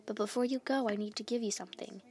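A woman's voice: mid-range voice, quick pace, breathy edge. A woman doing a sweet, mysterious animal-keeper. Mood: gentle. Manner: soft and reassuring.

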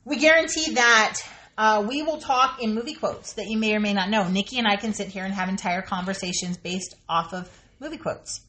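This podcast co-host is a woman with a mid-range, sharp-toned voice who talks a little fast. Her casual chat is candid, and she swears freely.

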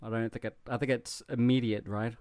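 A man's voice: medium pitch, level tone, brisk, darkish tone, no room sound. Blunt crude podcast guy, medium voice, dead dry sound. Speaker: podcast co-host. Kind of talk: casual chat.

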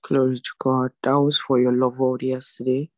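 A woman's voice: very deep voice, little pitch movement, normal speed, mellow, no room sound, rough recording. A woman moderating an online church devotion meeting over a video call, formal and addressing everyone as esteemed.

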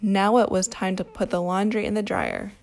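A woman reads a children's picture book aloud at a calm, steady pace. Her voice sits at a middle pitch with a gravelly fry running through it. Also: moderate pace. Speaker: storybook reader.

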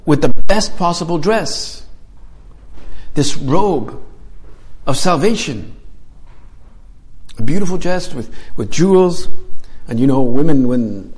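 A man's voice: a little high, animated, slow, long pauses, darkish tone, slightly rough. A man preaching a homily as a priest, talking conversationally with frequent fillers and repeated phrases.

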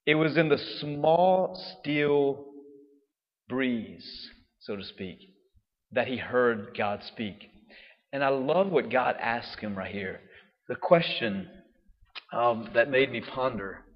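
A man's voice: mid-range voice, takes it slowly. A man giving a casual, jokey homily as a priest, with fillers and laughs. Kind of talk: homily at weekday Mass. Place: church. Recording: dull reverberant church sound.

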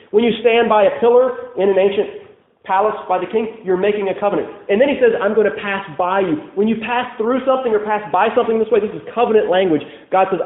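Impassioned high-voiced male preacher. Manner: impassioned preaching with swings from loud to hushed. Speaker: pastor. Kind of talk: sermon. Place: church. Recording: phone-like sound in an echoey room.

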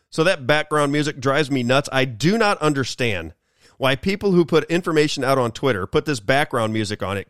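A man's voice: a little high, a bit bright, dry recording, studio quality. A man hosting a political talk radio show, delivering an emphatic, repetitive monologue.

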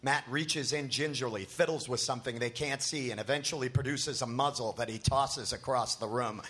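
A comedian reading a comic story aloud at a comedy festival, narrating an absurd tale with a straight delivery. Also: male voice, medium pitch, moderate pace, fairly bright tone.

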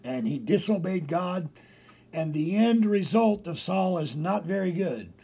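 Gravelly, animated male preacher. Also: sits high, unhurried. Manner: animated preaching, repetitive emphasis. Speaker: pastor. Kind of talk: broadcast sermon.

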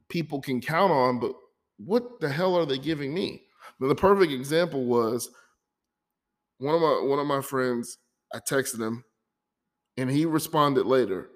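A man hosting his own podcast, talking through a hard week in an emotional personal monologue, often stumbling and repeating words. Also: medium pitch. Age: adult, divorced. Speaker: podcast host.

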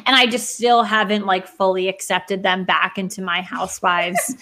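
A woman's voice: mid-range voice, fairly even intonation, moderate pace, bright, forceful tone. A woman co-hosting a casual podcast, chatty and upbeat, laughing often. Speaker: podcast co-host.

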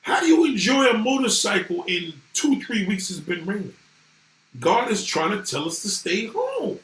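A man ranting casually to viewers, animated and swearing freely. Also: high-pitched, moderate pace. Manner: animated, swearing, voices others in quotes. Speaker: vlogger talking to viewers. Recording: echoey room.

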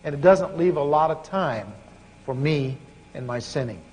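High-voiced male preacher in a reverberant hall. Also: moderate pace, slight background noise. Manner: storytelling, animated, acts out dialogue with God. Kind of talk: sermon.

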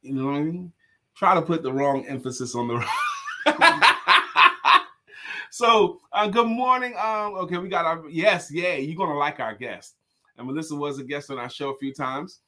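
Bright-voiced man co-hosting a talk show. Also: fairly high pitch, fairly quick. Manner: chatty, playful, loose with fillers. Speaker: co-host. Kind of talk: casual morning talk show.

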